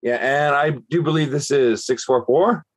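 Husky, laid-back male co-host. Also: mid-range voice, normal speed. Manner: laid-back, swearing freely. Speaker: podcast co-host. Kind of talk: casual podcast banter.

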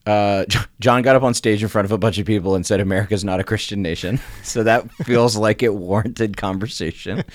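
A middle-aged man co-hosting a casual church podcast, telling stories with frequent laughter and jumping into a high voice when he acts out quotes. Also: steady tone, a little fast, few pauses, no room sound. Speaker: podcast co-host.

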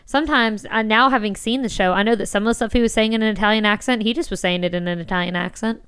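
A woman co-hosting a casual podcast chat, teasing her co-host in quick banter. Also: mid-range voice, steady tone, fairly bright tone, clear, resonant tone.

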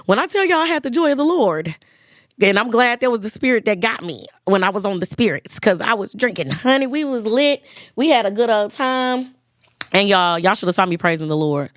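Woman, 20s, casual podcast host, lively chatter, close dry sound. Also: a little high, a little fast, no echo. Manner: lively, chatty, addresses listeners as y'all. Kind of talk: casual chat.

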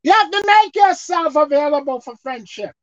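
Woman, sermon, high voice, very lively pitch, emphatic. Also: moderate pace, dry recording, muffled recording. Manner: animated, swings between loud emphatic lines and low asides. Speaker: preacher.

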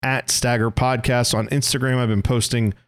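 A man's voice: mid-range voice, level tone, clear, resonant tone. A man in his thirties hosting a casual podcast from a basement, chatty and joking. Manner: chatty, joking, quick asides. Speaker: podcast host.

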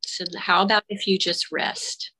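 A woman's voice: mid-range voice, level tone, measured pace, sharp tone, poor audio. A woman on a remote call through earbuds, telling a faith testimony in casual conversation and animatedly acting out her own dialogue. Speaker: guest. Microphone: AirPods.

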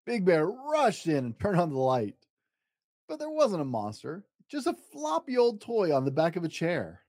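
A man hosting a storytime show, reading a children's picture book aloud with dramatic pauses. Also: no echo, clean studio sound. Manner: expressive, dramatic pauses, lively pitch. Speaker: storytime podcast host and reader. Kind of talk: bedtime story read-aloud.

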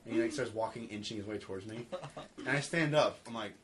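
Fast-talking man telling a funny story. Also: fairly low pitch, a little hiss or hum. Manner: animated storyteller, acts out his own and others' lines, filler-heavy. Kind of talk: casual chat among friends.

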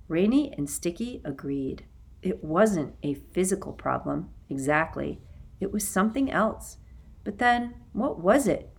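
A woman reading a children's novel aloud as an audiobook narrator, in an expressive storytelling manner. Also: lowish voice, unhurried, gravelly, breathy edge. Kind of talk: scripted narration.

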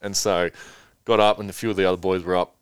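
A man's voice: deep voice, little pitch movement, fast, smooth, no room sound, clean studio sound. A young man casually telling a long rambling story as a guest, swearing freely.

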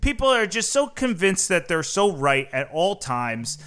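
Heated, profane man with a bright high voice. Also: very animated, smooth. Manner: profane, heated, fast-talking, lots of fillers. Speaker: podcast host. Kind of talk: casual conversational rant.

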